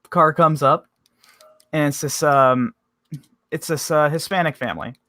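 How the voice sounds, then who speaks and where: Bright-voiced young man telling a story. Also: fairly high pitch, moderate pace, no echo. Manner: laid-back, swears freely, laughs through his stories. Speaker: podcast co-host. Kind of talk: casual storytelling chat.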